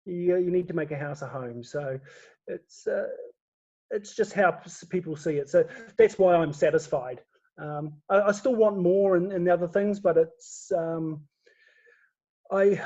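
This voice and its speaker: A man's voice: a little high, normal speed, darkish tone, dull audio. A man chatting casually as a guest, laughing often and restarting his words. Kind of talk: casual chat.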